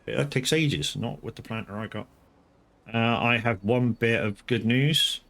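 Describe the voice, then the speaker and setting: Lowish guy chatting while he plays, rambles, restarts, swears. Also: moderate pace, a bit bright. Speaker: live streamer. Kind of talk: casual gameplay commentary.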